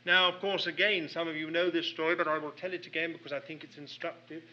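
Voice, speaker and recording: A man's voice: on the high side, flat delivery, fast, bright, forceful tone, highs cut off. A man preaching a sermon, telling a personal story in an earnest, anecdotal way.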